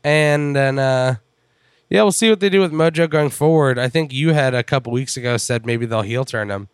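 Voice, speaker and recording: A man's voice: medium pitch, moderate pace, smooth, dry recording, studio quality. A man co-hosting a wrestling podcast in casual chat, rambling and wry, with some swearing.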